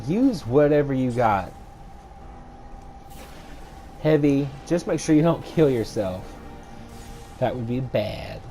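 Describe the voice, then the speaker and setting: Mellow-voiced man narrating a game walkthrough. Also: fairly high pitch, a little hiss or hum. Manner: relaxed, chatty, with frequent "you know" fillers. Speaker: gaming video host. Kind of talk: casual game walkthrough commentary.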